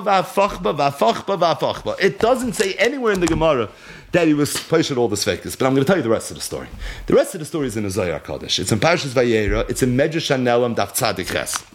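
A man teaching a Torah class as a story, reading Aramaic lines aloud and translating each one, with rhetorical questions to his listeners. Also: a little high. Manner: animated, reads Aramaic then translates line by line.

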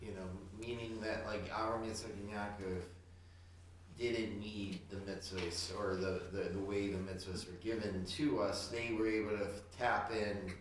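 Lowish guy student asking stuff, keeps restarting, sounds far from the mic in a really echoey room. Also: flat delivery, measured pace. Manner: searching, restarts often while working out a question. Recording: distant mic in a very echoey room with faint noise.

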